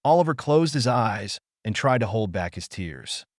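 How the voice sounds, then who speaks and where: A man narrates a melodramatic audio story in a scripted, dramatic manner. His pitch moves in a lively way. The recording is dry and close. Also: moderate pace, no echo.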